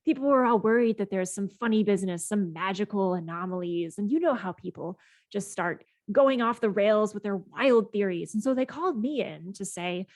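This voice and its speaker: A woman's voice: on the high side, animated, measured pace, dry recording, studio quality. A woman voicing a huffy, defensive male debunker in a bathrobe during a tabletop game.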